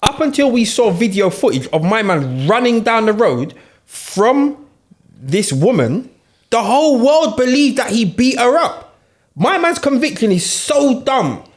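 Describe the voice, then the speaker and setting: Animated high-voiced man telling a story. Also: measured pace. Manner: animated storyteller, laughs and raises his voice. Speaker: podcast co-host. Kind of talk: casual group chat.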